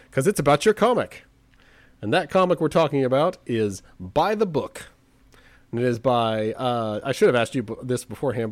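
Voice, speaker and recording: A man's voice: mid-range voice, no echo. A man hosting a webcomics podcast, joking and laughing often in casual banter with his co-host. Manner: jokey, laughs often, lively teasing.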